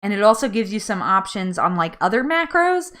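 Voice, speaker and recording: Chatty woman with a lively voice. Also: mid-range voice, fairly quick. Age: 30s. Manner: chatty, laughs often, trips over words. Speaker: host. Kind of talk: casual live chat.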